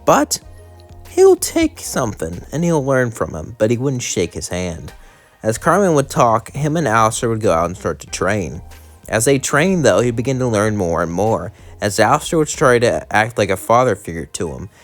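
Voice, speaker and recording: A young man rambles through a fan story with casual asides. His pitch rises and falls a lot, and faint music plays behind him. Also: sing-song, normal speed.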